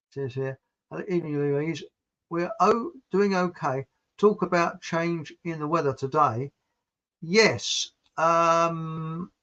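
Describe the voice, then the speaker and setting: A man's voice: on the high side, sharp tone. A man hosting an online show, telling rambling self-mocking stories and laughing as he goes. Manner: chuckling, self-mocking storyteller. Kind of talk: rambling anecdotal chat. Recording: dull lo-fi sound.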